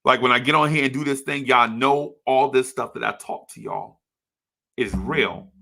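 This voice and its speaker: A man's voice: mid-range voice, moderate pace, vocal fry, pushed and bright. A man hosting a live stream, giving a passionate, repetitive monologue as a basketball fan. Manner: rhetorical, repetitive, heartfelt. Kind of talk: emotional sports fan monologue.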